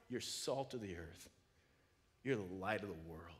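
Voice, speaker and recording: A man preaching a sermon in a church, talking casually with restarts, then swelling from quiet low asides to loud, high, urgent peaks. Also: expressive, a little slow, pauses often. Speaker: pastor. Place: church sanctuary.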